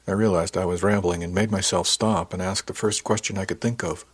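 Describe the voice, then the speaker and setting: A man's voice: low-pitched, fairly even intonation, fast, hardly any pauses, husky. A man narrating an audiobook in the first person with an easygoing, chatty storytelling manner.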